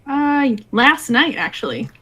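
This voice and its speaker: A woman with a bright, sharp voice, speaking slowly at a game table. She answers tersely and dryly, hesitating along the way. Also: high-pitched, very animated, soft background music. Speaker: tabletop player.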